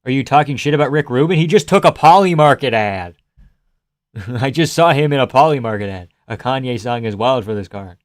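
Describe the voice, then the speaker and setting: A man's voice: medium pitch, expressive, fairly quick, no echo. Sardonic young man on a dry mic. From Canada. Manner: profane, sardonic, reads chat aloud. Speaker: livestream host. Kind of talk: casual chat.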